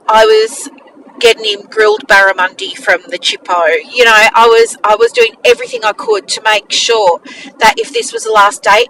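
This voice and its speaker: Heartfelt woman, bright voice. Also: mid-range voice, recorded from a distance, slight background noise, rough recording. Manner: heartfelt, candid, hesitant with fillers. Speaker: business mentor. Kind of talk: personal storytelling to camera.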